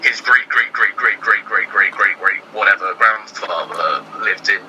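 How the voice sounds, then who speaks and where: A male guest in relaxed conversation who hedges and stumbles through his ideas with plenty of filler words. His voice sits low but sounds very bright and forward. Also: a little slow, a little hiss or hum, rough recording. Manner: hesitant, lots of ums and sort of. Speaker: guest writer. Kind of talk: casual chat.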